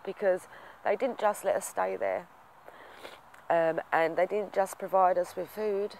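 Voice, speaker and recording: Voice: mid-range voice, fairly even intonation, unhurried, vocal fry, darkish tone, a little hiss or hum. A vlogger telling a story to camera in a heartfelt, rambling way. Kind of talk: casual storytelling vlog.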